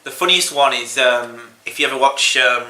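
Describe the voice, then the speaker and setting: A man's voice: mid-range voice, moderate pace, pushed and bright, roomy sound, poor audio. A man co-hosting a podcast, talking casually and hesitantly about a TV episode with frequent ums. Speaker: podcast co-host. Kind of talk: casual chat reviewing a TV episode.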